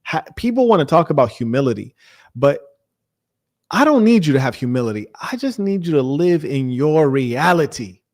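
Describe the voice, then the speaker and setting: Gravelly american guy ranting on stream, pitch all over the place, mocking tone, dry close sound. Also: moderate pace, no room sound. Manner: animated, mocking, acts out dialogue. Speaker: livestream host. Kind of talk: casual storytelling rant.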